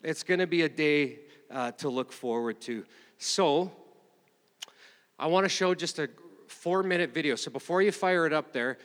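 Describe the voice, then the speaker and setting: Middle-aged male pastor, slightly high voice, chatty, rambling sermon delivery, long hall reverb. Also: moderate pace, fairly bright tone. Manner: rambling, conversational, with many fillers and restarts. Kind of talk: informal sermon. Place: church meeting room.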